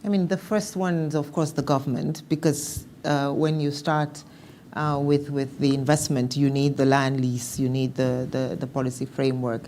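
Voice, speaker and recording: A woman speaking as a panelist in a policy discussion, measured and thoughtful, with some restarts. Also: rumbling low, little pitch movement, dark tone, a little hiss or hum.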